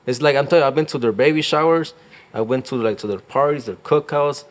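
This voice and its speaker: A man's voice: medium pitch, fast. A young man, a real estate agent, talking casually in an interview, rambling with lots of fillers and slang. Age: young adult.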